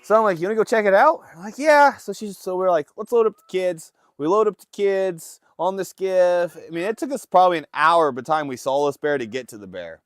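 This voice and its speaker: A man on a livestream, telling a story in a lively voice that swings up and down in pitch. His voice sits a little high for a man, and the sound is close and dry. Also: a little fast, hardly any pauses, no echo. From Alaska. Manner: animated storyteller, acts out family voices. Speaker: livestream host. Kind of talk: casual storytelling to live chat. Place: fishing boat outdoors. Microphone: phone livestream.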